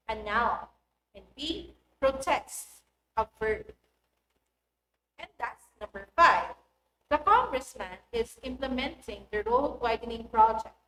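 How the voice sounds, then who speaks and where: A woman teaching an online English lesson, speaking in a clear and deliberate instructive manner. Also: fairly high pitch, fairly bright tone. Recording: echoey room with faint noise.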